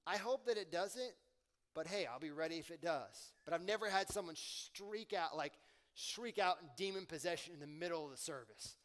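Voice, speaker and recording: A man pastor preaching a casual sermon, swinging between loud emphatic questions and quiet asides. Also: fairly high pitch, expressive, normal speed. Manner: conversational preaching with slang and swings in volume.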